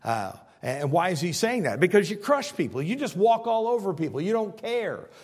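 A man preaching an expository sermon, animated and dramatic, acting out quotes and repeating himself. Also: high-pitched, moderate pace, breathy edge, long reverb tail.

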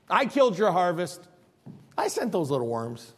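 Animated preacher with a high, lively voice. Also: male voice, moderate pace, slightly rough, in a large hall. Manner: animated, dramatic, acts out quotes, repeats himself. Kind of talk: expository sermon.

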